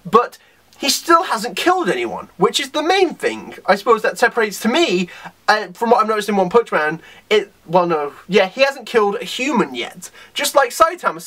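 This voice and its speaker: A man casually reviewing a comic chapter, rambling and animated, often acting out characters' lines. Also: high-pitched.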